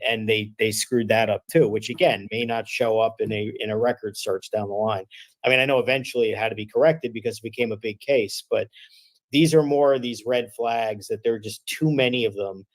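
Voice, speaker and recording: A man's voice: on the low side, dry recording. A man in a casual podcast discussion, talking in an emphatic, sarcastic way.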